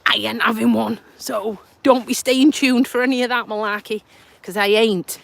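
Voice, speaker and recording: A Lincolnshire woman vlogger with a local accent and a stuffy nose chats casually on a phone-recorded live stream during a countryside walk. Her voice is a little high and steady, with vocal fry, a moderate pace and no room sound. She's chatty and self-mocking, laughing often and using dialect words.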